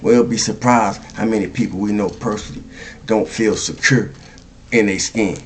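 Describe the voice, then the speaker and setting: A man's voice: on the low side, moderate pace, faint music behind. Preacherly man with repetitive cadence. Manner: repetitive, preacherly, chuckles often, asks "you see?". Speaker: spiritual speaker. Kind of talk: spoken spiritual monologue.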